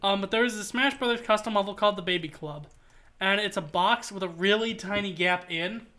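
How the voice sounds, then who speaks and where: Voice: medium pitch, brisk. A streamer chatting casually while playing a game, rambling and joking. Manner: rambling, animated, jokey. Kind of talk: casual gaming stream chat.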